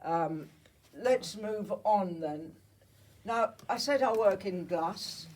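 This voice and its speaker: A woman's voice: medium pitch, slow, a little mellow, distant mic, poor audio. A woman in her eighties from Germany, a Holocaust survivor giving a slide talk to an audience, chatty and often checking in with her listeners, while nursing a cold. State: has a cold.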